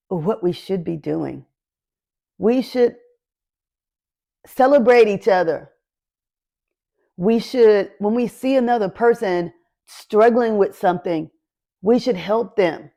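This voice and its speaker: A woman's voice: medium pitch, mellow. A woman hosting her own show, giving a heartfelt motivational talk, emotional and close to tears. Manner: slow, emotional, encouraging. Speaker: podcast host.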